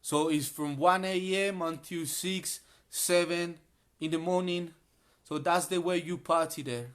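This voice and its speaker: A man who is a guest in a live online English class, chatting in a friendly, relaxed way and explaining things plainly. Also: a little high, measured pace, clean tone. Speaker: guest sharing travel tips.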